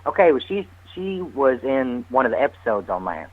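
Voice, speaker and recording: A man telling an animated, laughing story as a guest on a radio talk show. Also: mid-range voice, moderate pace, narrow, tinny audio. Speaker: guest medium's partner.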